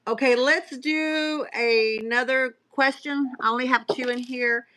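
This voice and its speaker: A woman hosting a casual live stream, reading out cards and messages in a chatty way with filler pauses. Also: sits high, steady tone, fairly bright tone, poor audio.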